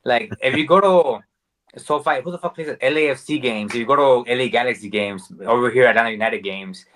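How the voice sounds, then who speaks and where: A man of middling pitch chats as a podcast guest. He talks in a relaxed, rambling way and swears freely. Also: brisk. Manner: laid-back, profane, rambling. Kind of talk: casual chat.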